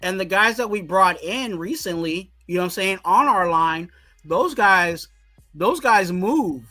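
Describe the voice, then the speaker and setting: A man's voice: sits high, lively intonation, measured pace, pushed and bright, no echo, soft background music, rough recording. A man co-hosting a casual sports talk show, rambling and often saying "you know what I'm saying". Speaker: co-host.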